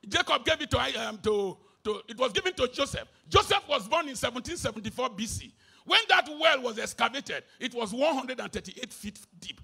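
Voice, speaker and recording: Nigerian-accented man, middle-aged, emphatic sermon; bright, husky edge, dips into Pidgin. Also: expressive, fairly quick. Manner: emphatic, swinging from shouted bursts to low asides, mixing in Pidgin. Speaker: preacher.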